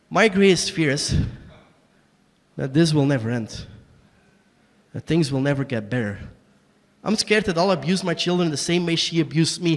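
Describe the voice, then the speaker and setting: Young guy doing a raw one-man stage show, kinda high voice, long echo off the room. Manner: raw, swings from quiet confession to angry outbursts. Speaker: solo stage performer. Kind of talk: one-man tragicomedy monologue. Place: small basement performance space.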